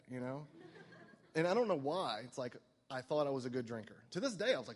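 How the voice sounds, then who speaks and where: A man's voice: medium pitch, sing-song, brisk, in a large hall. A man telling his personal recovery story to a meeting, rambling and self-mocking, filling his talk with "like" and "you know". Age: adult, no longer young.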